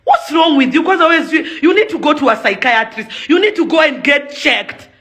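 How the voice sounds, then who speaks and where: A young Kenyan woman, an events promoter and celebrity, rants angrily to camera in a high, animated, somewhat bright voice at normal speed. She swings between accusing and pleading, slipping Swahili phrases into her English.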